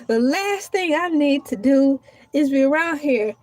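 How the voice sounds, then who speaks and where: A woman with a high voice chats slowly and loosely on a live stream from home. She thanks viewers and talks to herself aloud as she types and hunts for things on her table. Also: lively intonation, darkish tone, no echo, soft background music. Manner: chatty, talks to herself while searching and typing. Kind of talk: casual live-stream chat.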